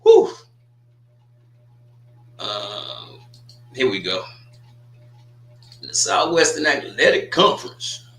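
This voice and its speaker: A man's voice: fairly low pitch, wildly swooping pitch, drawn-out words, pauses often, fairly bright tone, reverberant, faint music behind. A man hosting a casual sports talk livestream, loose and joking, trash-talking teams between restarts and asides.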